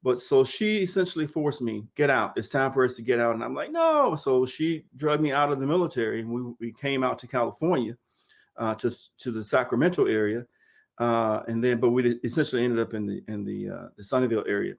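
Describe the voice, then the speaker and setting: A man's voice: mid-range voice, a little fast, vocal fry. Man from Mississippi telling his story. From Mississippi, United States. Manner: lively storyteller acting out quoted dialogue, repeats words. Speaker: nurse interviewee. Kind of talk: oral history storytelling.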